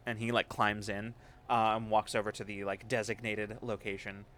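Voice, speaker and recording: A man's voice: on the low side, flat delivery, normal speed, a bit bright, a little hiss or hum. A man running a tabletop game as game master, narrating scenes casually with plenty of fillers.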